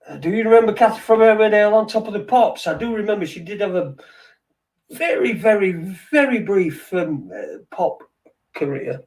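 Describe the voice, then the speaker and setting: A man's voice: high-pitched, animated, normal speed, darkish tone. A middle-aged man, rambling in sweary, wry late-night chat as a podcast host, heard from a little way off the mic. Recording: distant from the mic.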